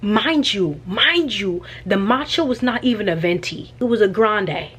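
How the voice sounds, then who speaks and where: A young woman telling an animated, chatty travel story in a casual vlog. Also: mid-range voice, unhurried, husky. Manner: animated and chatty, with slangy asides. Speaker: vlogger.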